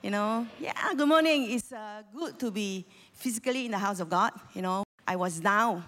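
A woman's voice: mid-range voice, moderate pace, pushed and bright. Earnest Malaysian woman preaching in a hall. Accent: Malaysian English. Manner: earnest, emotional, rallying the congregation. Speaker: lay preacher. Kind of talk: sermon. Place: church sanctuary. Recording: long reverb of a church hall.

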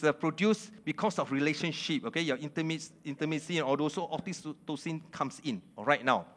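With a fairly high pitch, a male preacher keeps his sermon lively by quizzing the audience and laughing a lot. He speaks in plain, broken grammar.

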